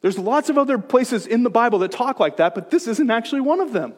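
A man preaching a sermon as pastor, moving between hushed, gentle reassurance and loud, emphatic exhortation. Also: very high-pitched, sing-song, fast talker, in a large hall. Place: church sanctuary.

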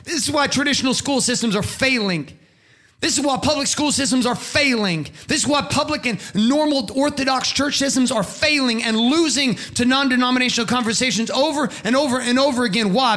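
High, bright-voiced impassioned male speaker. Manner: preachy, emphatic, swears freely. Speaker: motivational speaker. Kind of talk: impassioned motivational monologue.

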